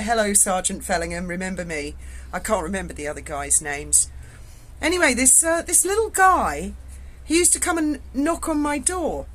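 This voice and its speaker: A woman's voice: mid-range voice, fairly bright tone. A woman, telling a frank, salty story to her viewers from indoors at home. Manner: chatty, frank and salty, with swearing. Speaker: vlogger.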